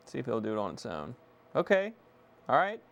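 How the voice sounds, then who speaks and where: A young man casually chatting to viewers on a live stream while repairing a console, excitable and swearing freely. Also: medium pitch, fairly quick, creaky. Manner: excitable, swears, self-deprecating laughs.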